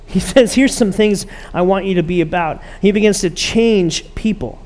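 A man's voice: high voice, moderate pace, darkish tone. A man pastor preaching a conversational, emphatic sermon to his church.

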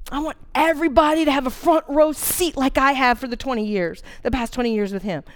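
A woman in her forties preaching a sermon, earnest and candid, telling a personal story with dramatic emphasis. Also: sits high. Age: 40s.

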